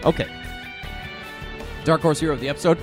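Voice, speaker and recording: A man's voice: on the high side, fairly even intonation, a little fast, music in the background. A man co-hosting a podcast, chatting in a rambling, profane, jokey way and laughing often. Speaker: podcast co-host. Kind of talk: casual chat.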